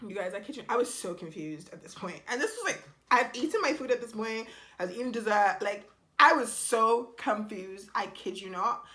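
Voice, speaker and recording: A young woman tells a story to her channel in a casual, animated way, exasperated and blunt, with frequent swearing. Her voice is bright and sits at an ordinary pitch for a woman. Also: normal speed. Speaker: vlogger.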